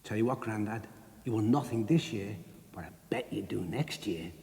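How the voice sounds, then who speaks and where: A man doing a gruff, gravelly grandson. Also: lowish voice, moderate pace, dark tone, long reverb tail, pitched below the performer's own voice. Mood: consoling.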